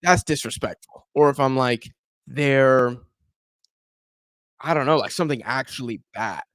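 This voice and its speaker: Here a young man with a medium-pitched voice speaks at a measured pace, recorded with no echo. Hosting a football watch-along, he chats animatedly with viewers, comments on the match, and plays out fans' complaints about himself.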